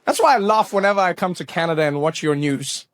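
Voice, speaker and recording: A male comedian doing stand-up, punchy and animated, with repeated refrains. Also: on the high side, quick pace.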